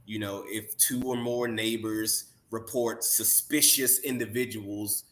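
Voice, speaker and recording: A man's voice: fairly low pitch, steady tone, slow, a bit bright, a little hiss or hum. A man co-hosting a podcast, speaking earnestly and casually with frequent "you know"s. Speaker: podcast co-host. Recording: echoey room.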